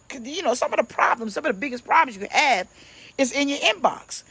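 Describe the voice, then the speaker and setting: A woman pastor talks to her livestream viewers from home, playful and chatty. Her voice sits fairly high, and the sound is dry and close with no room echo. She greets people by name between points of her message. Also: husky. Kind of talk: casual livestream preaching.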